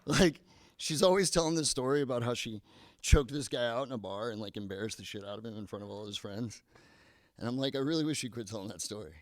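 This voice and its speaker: This man, in his thirties, does a self-deprecating stand-up set at a comedy club, stumbling and stammering into his punchlines. He speaks a little fast in a mid-range voice with no echo.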